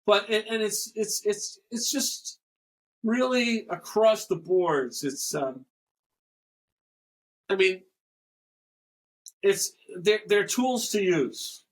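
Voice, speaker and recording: An older man chatting casually as an interview guest, rambling and halting with restarts, joking around. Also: sits high. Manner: rambling, halting, jokey, slips into playful accent impressions.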